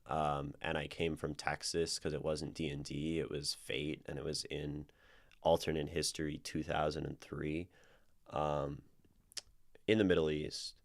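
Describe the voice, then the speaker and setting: A man's voice: a bass voice, level tone, unhurried, gravelly. A man streaming a casual poetry critique, chatting in a rambling way with restarts and tag questions. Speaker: streamer reviewing community writing.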